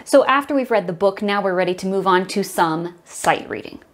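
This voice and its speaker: A woman's voice: medium pitch, lively intonation, brisk. Woman music teacher explaining a lesson. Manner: explains, then models chants and solfege in a bright sing-song voice. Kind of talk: classroom demonstration for teachers.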